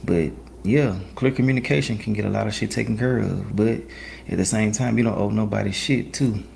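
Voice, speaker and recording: A man giving relaxed, slangy commentary while reacting to a clip on his stream. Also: lowish voice, fairly quick, creaky, slight background noise. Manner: laid-back, slangy, musing. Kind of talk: casual commentary.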